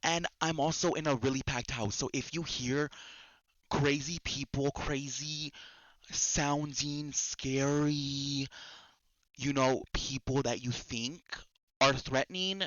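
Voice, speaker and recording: Bright-voiced young man ranting on a podcast. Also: mid-range voice, steady tone, takes it slowly, no room sound, dull audio. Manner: repeats words and restarts sentences. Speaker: podcast host. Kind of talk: casual solo podcast rant. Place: at home in a busy house.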